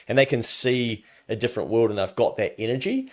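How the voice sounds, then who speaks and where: A man's voice: medium pitch, fairly quick, few pauses. A man with a New Zealand accent, talking casually as a guest on a podcast and acting out other people's voices in his stories. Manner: animated storyteller who acts out quoted voices. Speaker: business adviser guest.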